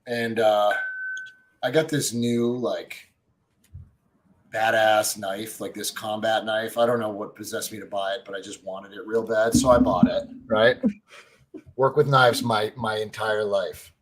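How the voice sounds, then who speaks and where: A man co-hosting a casual sports podcast, telling stories in an animated way, swearing freely and saying "like" and "right?" a lot. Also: fairly low pitch, unhurried. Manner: excitable, fan-to-fan talk addressing listeners as family. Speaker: podcast co-host.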